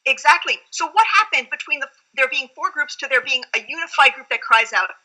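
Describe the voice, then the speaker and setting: A woman's voice: sits high, a little fast, sharp tone, rough recording. A woman rabbi explaining scripture in an earnest, reflective teaching tone during a study conversation.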